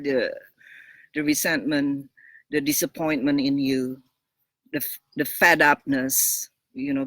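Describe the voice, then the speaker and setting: A woman relationship coach giving frank, blunt advice in a casual monologue, animated and laughing between points, often repeating and restarting words. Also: low-pitched, no room sound.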